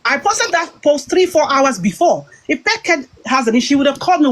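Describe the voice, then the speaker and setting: A British woman with a fairly high voice tells a long story of a falling-out in a casual, spoken way. She acts out what people said, restarts her sentences often and keeps the account moving. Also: brisk, hardly any pauses, poor audio. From Britain. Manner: animated storytelling, quoting herself and others, frequent restarts. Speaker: guest recounting a dispute.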